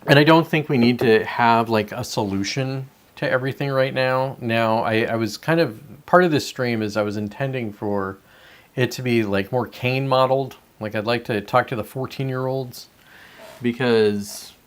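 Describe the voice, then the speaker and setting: A man's voice: medium pitch, normal speed. A man hosting a casual solo livestream, rambling and talking to his chat viewers by name between sips of coffee. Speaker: livestream host.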